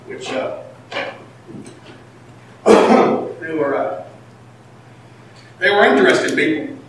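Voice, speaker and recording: A male pastor preaching, swinging between shouted emphasis and hushed confession. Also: high voice, slight background noise. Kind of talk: sermon. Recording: echoey hall from far off.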